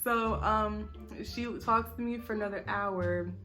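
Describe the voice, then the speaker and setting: A young woman vlogger telling a story in a casual, animated way, swearing freely and breaking into quick asides and laughs. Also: medium pitch, soft background music.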